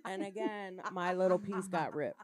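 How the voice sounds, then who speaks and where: A woman's voice: lowish voice, normal speed, a crowd in the background. A woman co-hosting a casual podcast, talking loosely in slang with a lot of swearing. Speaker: podcast co-host. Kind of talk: casual crude chat.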